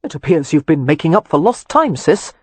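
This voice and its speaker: A woman reading the part of a flippant young brother who talks quickly. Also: deep voice, animated, darkish tone, breathy edge, no room sound.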